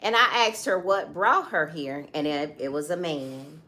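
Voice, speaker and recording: Her voice is low, pushed and bright, and she keeps a measured pace. This middle-aged co-host chats casually with her partner, telling a story with feeling and repeatedly breaking off to address her listeners directly.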